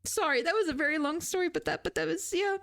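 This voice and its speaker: A woman's voice: very high-pitched, animated, quick pace, a bit bright. A young adult woman, streaming and chatting casually with her viewers, telling stories animatedly and laughing often. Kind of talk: casual chat with live chat.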